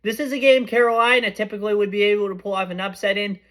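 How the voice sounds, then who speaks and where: His voice sits high and his pace is quick as this young man hosts a podcast, chatting excitedly through casual sports predictions and often correcting himself mid-sentence.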